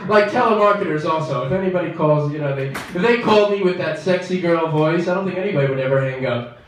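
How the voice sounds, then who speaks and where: A young man doing a stand-up comedy set in a comedy club, wry and self-deprecating, bursting into loud outbursts. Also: fairly high pitch, quick pace. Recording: echoey club from far off, crowd noise.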